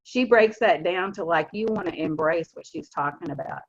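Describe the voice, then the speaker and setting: A woman in her sixties with a Southern accent, giving an earnest, emphatic motivational talk to her team on a video call. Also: on the low side. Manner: earnest, emphatic, stresses key words slowly. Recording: muffled lo-fi video call audio.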